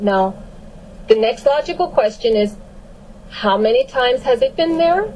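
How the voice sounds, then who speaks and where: A woman telling a personal story in a casual, animated and emphatic way. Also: high-pitched, unhurried, slight background noise, low-quality recording.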